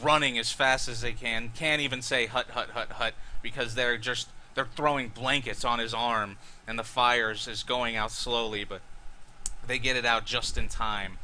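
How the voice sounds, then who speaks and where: A man's voice: medium pitch, steady tone, normal speed, bright, forceful tone, slight background noise. A man narrating a tabletop game as dungeon master with vivid, rambling play-by-play.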